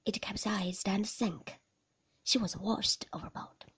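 A woman reading the part of a reserved, uneasy man who answers quietly and reluctantly in a storybook reading. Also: medium pitch, steady tone, slow, breathy edge, in a whisper, full character voice.

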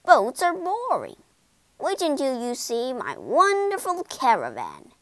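A woman voicing a boastful, excitable male toad in a storybook, loud and rude in manner. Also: high-pitched, measured pace, no echo, exaggerated voice. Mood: scornful.

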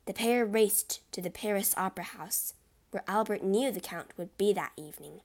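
A woman's voice: mid-range voice, moderate pace, darkish tone. A woman reading a classic adventure story aloud as narrator, with a dramatic delivery.

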